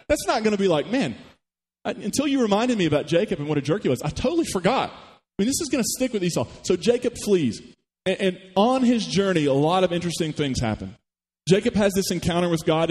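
A man preaching a sermon, retelling a story with animated rhetorical questions to the congregation. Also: fairly high pitch, big-room sound. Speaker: pastor. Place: church.

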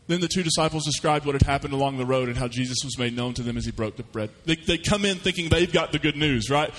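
A man's voice: fairly high pitch, fast, few pauses, long reverb tail. A man preaching a sermon, telling stories in a folksy way and voicing the people in them. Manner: folksy storytelling with lively voiced asides. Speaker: pastor.

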